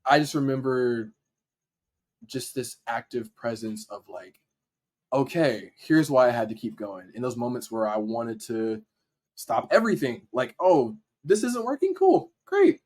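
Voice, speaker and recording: A man, a podcast guest, telling a story in casual slang and acting out his own excited reactions. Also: medium pitch, measured pace. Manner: animated, acts out his own reactions in quotes; casual slang, frequent "like" fillers. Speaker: podcast guest, dancer and video editor.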